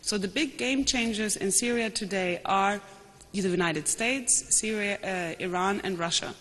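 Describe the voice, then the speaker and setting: A woman panelist giving an analytical, measured conference talk, often restarting her sentences. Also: mid-range voice, fairly bright tone. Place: large conference hall. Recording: long hall reverb.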